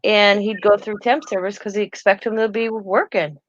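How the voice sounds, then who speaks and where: A woman's voice: mid-range voice, fairly even intonation, normal speed, dry recording. Brief: middle-aged woman, chatty host, rambles and self-corrects; slightly dull, dry recording. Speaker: host of a crafting chat. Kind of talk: casual chat.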